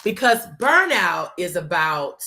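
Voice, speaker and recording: Bright-voiced woman hosting a live talk. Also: fairly low pitch, big pitch swings, slow. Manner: repetitive and emphatic, addresses listeners as y'all. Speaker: host. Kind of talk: casual live talk to an audience.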